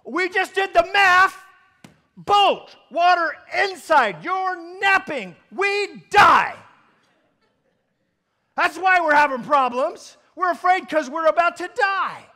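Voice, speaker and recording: A man voicing terrified disciples shouting that they are about to drown. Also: very high voice, animated, slow, in a large hall, voice pushed up, heavily acted. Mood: panicked. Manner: loud, panicked shouting. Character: terrified disciples crying out in a storm.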